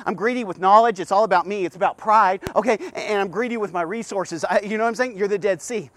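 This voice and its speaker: A man giving a rambling devotional talk, stammering and repeating himself with animated asides. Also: high voice, fast talker. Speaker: devotional podcast host.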